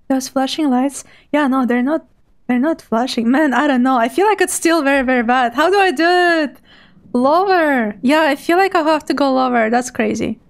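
A woman live streamer chatting casually with her viewers, bubbly, giggly and nervously excited. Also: high voice. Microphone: streaming microphone.

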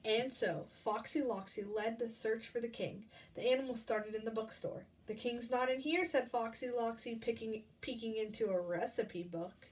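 A woman reading a picture book aloud to children in a lively way, stopping to ask them about the pictures. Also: on the high side, normal speed, hardly any pauses. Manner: lively, asks listeners questions about the pictures. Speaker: storybook reader. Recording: distant mic, faint background noise.

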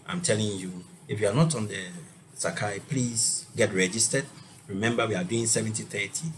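Lively man lecturing. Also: on the low side, a little hiss or hum. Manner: lively, addresses students directly, repeats words. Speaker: university lecturer. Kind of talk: recorded lecture.

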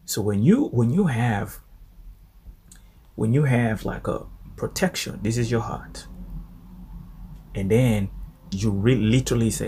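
A man teaching a devotional Bible study in an animated way, repeating phrases for emphasis. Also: medium pitch, slow pace, pauses often, a little hiss or hum.

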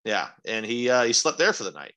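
Young adult man, podcast co-host, forceful bright tone, swearing casually, rambling stories, sudden excited spikes. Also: brisk, muffled recording. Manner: rambling, profane storytelling with sudden excited jumps in pitch. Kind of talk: casual chat.

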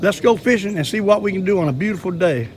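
Folksy older man, high voice. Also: animated, quick pace, a little hiss or hum. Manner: folksy, chatty, drawling. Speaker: fishing vlogger. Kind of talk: casual fishing vlog. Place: outdoors at a lake.

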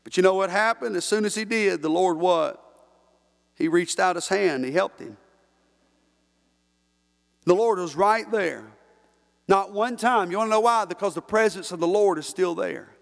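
A pastor delivers a sermon in a high, ringing male voice that's a bit bright and creaky, at normal speed with long pauses. He repeats key phrases and draws the congregation into call-and-response, while the church hall adds a long, echoing reverb.

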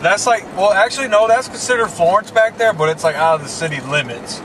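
A man's voice: sits high, lively intonation, a little fast, recorded from a distance. A man from Mississippi with a Southern accent, chatting casually and laughing often as he hosts a driving vlog. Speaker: vlog host. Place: inside a moving car. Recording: car and road noise. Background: road and car noise.

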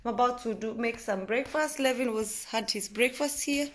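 A woman from Kenya chatting casually to the camera at home in a vlog, rambling and correcting herself, often trailing off softly. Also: a little high, normal speed. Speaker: vlogger. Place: at home indoors.

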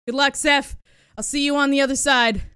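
A woman streaming a video game live, excitable and giggly as she thinks aloud. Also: high-pitched, moderate pace, no room sound, studio quality. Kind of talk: live gaming stream chat. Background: game music.

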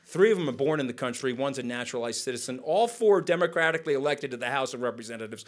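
Guy on stage telling stories, animated, does little voices for quotes. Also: on the high side, fast, hardly any pauses. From United States. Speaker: guest speaker. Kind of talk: onstage storytelling conversation. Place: stage at a conference event.

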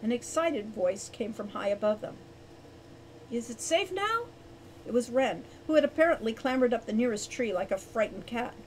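Woman audiobook reader, bright higher voice, gives each character its own voice. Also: a little fast, hardly any pauses, slight background noise, rough recording. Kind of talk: storybook narration.

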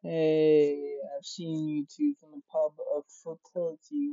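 A gaming YouTuber reading out game dialogue for many characters in quick succession, sometimes exclaiming. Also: mid-range voice, level tone, dark tone, no echo, highs cut off, soft background music. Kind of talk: game playthrough with read-aloud dialogue.

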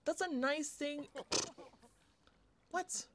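A woman's voice: high-pitched, very slow, background noise. A young woman giving casual, chatty commentary on her own game play, often laughing and gasping as she goes. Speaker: gaming youtuber.

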